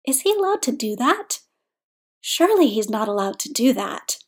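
A bewildered, polite young man, read by a woman. He speaks in a light, high voice with a diplomatic, puzzled manner. This is a storybook reading. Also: very animated, moderate pace.

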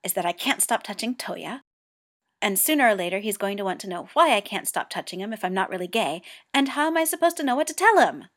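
A woman's voice: medium pitch, sing-song, fast, fairly bright tone. A woman reading a story aloud and voicing a flustered, defensive teenage boy Go player who talks in raised, indignant bursts. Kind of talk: amateur audiobook reading.

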